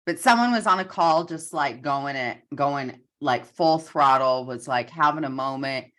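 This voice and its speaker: A woman's voice: extremely low pitch, measured pace. A woman coaching on a casual business call, telling stories and acting out quotes with energy. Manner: animated storyteller, acts out quotes.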